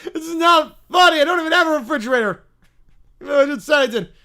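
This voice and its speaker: A man's voice: extremely high pitch, normal speed, fairly bright tone, pitched above the performer's own voice. A man voicing a whiny, babyish little bear cub who pouts and protests. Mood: indignant. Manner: whining, pouting.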